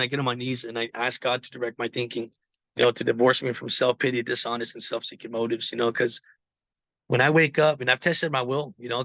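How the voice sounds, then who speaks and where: A man's voice: medium pitch, creaky, pushed and bright, no echo. A man telling his recovery story in a casual, rambling way, with many fillers. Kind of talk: casual personal testimony.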